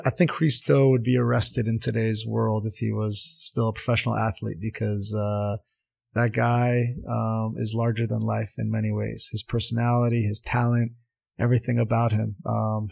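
Gravelly husky man telling stories. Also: mid-range voice. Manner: animated anecdotes, frequent fillers and repeats. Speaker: former pro footballer, guest. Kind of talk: casual interview storytelling.

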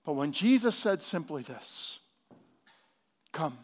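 A pastor preaching a sermon, swinging from hushed, low lines to loud, emphatic ones. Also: male voice, big pitch swings, slow pace. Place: church hall.

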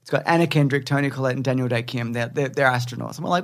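A man's voice: medium pitch, rapid-fire. Male co-host, chatty and teasing, rambles eagerly through recommendations in an ordinary middle register. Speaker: podcast co-host. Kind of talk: casual chat.

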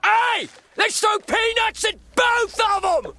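A shrill, bright cartoon heckler, shouts slowly and impatiently with a gravelly edge. Faint music sits behind him in this cartoon clip. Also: male voice, heavily acted. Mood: rowdy. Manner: yelling impatiently. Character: rowdy male heckler in a crowd.

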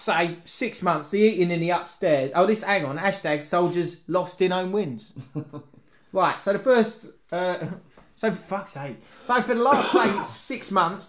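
A man's voice: high-pitched, a bit bright. Jokey man reading messages aloud. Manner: jokey, laughs often, reads messages aloud. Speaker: podcast co-host. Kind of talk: casual banter, reading listener messages.

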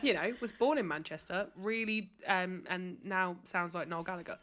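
A woman's voice: lowish voice, normal speed, a bit bright, a little hiss or hum. A woman co-hosting a podcast, reading a listener's story aloud in casual chat, laughing often and swearing casually.

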